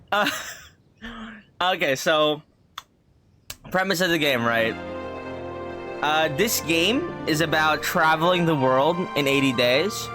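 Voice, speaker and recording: A man's voice: on the high side, sharp tone. A man streaming a game, chatting casually and rambling with lots of fillers. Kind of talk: casual gameplay commentary.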